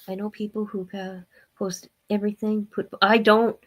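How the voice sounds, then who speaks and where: A woman's voice: medium pitch, fairly even intonation, normal speed. A middle-aged woman hosting a livestream, talking in a rambling, blunt, chatty way to her viewers. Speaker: livestream host. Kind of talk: casual livestream chat.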